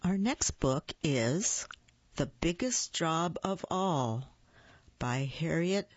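A woman reading children's books aloud in a deliberate, expressive way. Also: low-pitched, no room sound. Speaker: storybook reader. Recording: dull lo-fi recording.

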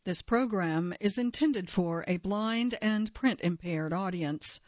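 A woman reads a story aloud for a reading-service broadcast. Her delivery is measured and even. The sound is dry and a little muffled. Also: mid-range voice, dry recording. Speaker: volunteer reader for a reading service. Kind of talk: scripted narration of a magazine story. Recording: dull dry broadcast recording.

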